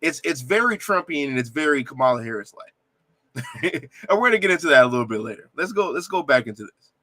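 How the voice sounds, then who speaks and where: A man's voice: fairly high pitch, big pitch swings, fast talker, sharp tone, no room sound. A man hosting a reaction video, commenting on a debate clip with indignant, laughing outbursts and stammered restarts.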